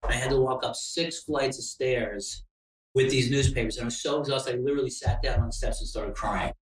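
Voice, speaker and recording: A man's voice: mid-range voice, fairly even intonation, brisk. A middle-aged man telling candid, profane stories in a casual interview. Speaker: screenwriter guest. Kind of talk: casual storytelling chat. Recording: roomy, distant mic.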